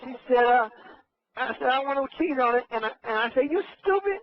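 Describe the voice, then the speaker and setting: A man's voice: very high-pitched, flat delivery, fast talker. A man with a Los Angeles accent telling a rambling comic story as a regular caller, losing his train of thought. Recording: dull radio broadcast audio.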